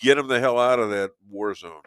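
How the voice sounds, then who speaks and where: An older man hosting a talk show, hoarse from losing his voice, rambling and joking between filler pauses. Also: medium pitch, a bit bright, dry recording, studio quality. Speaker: show host. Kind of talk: casual talk show chat.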